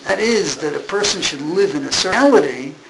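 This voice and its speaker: A man's voice: a little high, lively intonation, brisk, gravelly, background noise. A man giving an informal Torah class, repeating and restating his points with emphasis. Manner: repetitive, emphatic, restarts phrases. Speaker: Torah teacher.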